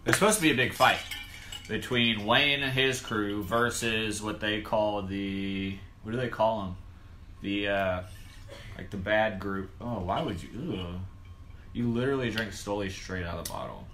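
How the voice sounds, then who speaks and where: A man co-hosting a casual TV review chat, telling scenes in a rambling, relaxed way. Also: on the low side, normal speed, slight background noise. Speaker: podcast co-host.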